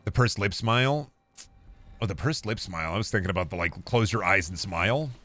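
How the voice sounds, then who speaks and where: Man, lowish voice, from Iowa, casual live-stream chat, joking, offhand, mock-dad phrasing. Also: animated, brisk, fairly bright tone.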